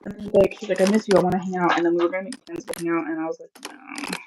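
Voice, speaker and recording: A woman's voice: on the low side, fairly even intonation, rapid-fire, noisy background. A woman in her thirties, co-hosting a casual live chat, telling stories in a chatty way and laughing easily. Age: 30s. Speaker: co-host of a live stream.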